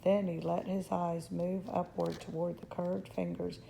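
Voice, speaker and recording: Gravelly woman reading a storybook. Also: on the low side, measured pace, slight background noise, rough recording. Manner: steady storytelling, slips on words. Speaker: reader. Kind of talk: reading a children's novel aloud.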